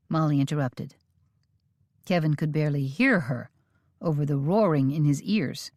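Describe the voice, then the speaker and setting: A woman reading a western romance audiobook in measured, steady storytelling. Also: low-pitched, no room sound, studio quality. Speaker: audiobook narrator. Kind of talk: scripted audiobook narration.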